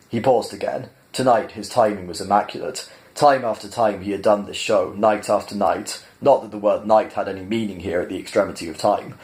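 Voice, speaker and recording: Low-voiced man reading a novel aloud. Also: a little fast, few pauses, a little mellow. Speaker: reader. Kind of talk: audiobook-style storybook reading.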